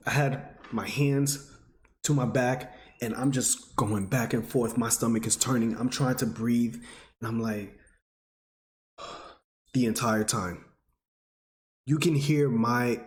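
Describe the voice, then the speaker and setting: A man in his twenties, telling a personal story to his audience in an earnest, emotional way. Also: roomy sound. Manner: earnest, emotional, rising pitch when stirred. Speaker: vlogger.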